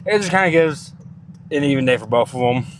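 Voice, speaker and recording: A man's voice: mid-range voice, lively intonation, fairly quick, slight background noise. Winded young man vlogging his workout. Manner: rambling, casual, filler-heavy. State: out of breath. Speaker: fitness vlogger. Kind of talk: casual vlog narration. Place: gym, then in a car.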